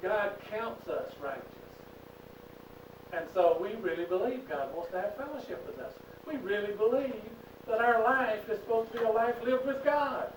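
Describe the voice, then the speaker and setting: Emphatic high-voiced preacher, echoey. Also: male voice, normal speed, a little hiss or hum. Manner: emphatic, questions the class. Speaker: Bible class teacher. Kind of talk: preaching Bible class. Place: church classroom. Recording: echoey room, distant mic.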